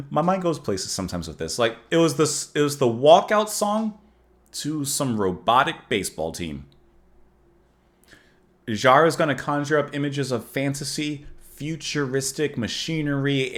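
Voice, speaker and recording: A man's voice: mid-range voice, a bit bright. A man hosting a music reaction, talking casually in a rambling, musing way and chuckling at himself.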